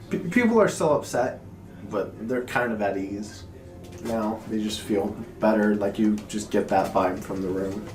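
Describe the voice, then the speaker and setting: A man running a tabletop role-playing game as game master, narrating scenes in a relaxed, loose way, recorded in an echoey room with music in the background. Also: fairly low pitch.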